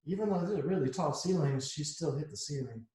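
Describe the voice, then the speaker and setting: A middle-aged man reads a children's picture book aloud, stopping often to chat about the pictures. His voice sits a little high for a man. The recording rings with heavy room echo. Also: fairly quick, dark tone. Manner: chatty, explains the pictures to kids. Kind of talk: read-aloud storytime. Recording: echoey room.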